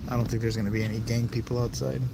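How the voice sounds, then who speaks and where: A man's voice: medium pitch, flat delivery, rapid-fire, creaky, very noisy. A man giving casual, chatty commentary to himself while driving, jumpy and self-talking. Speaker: vlog host. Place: inside a car while driving.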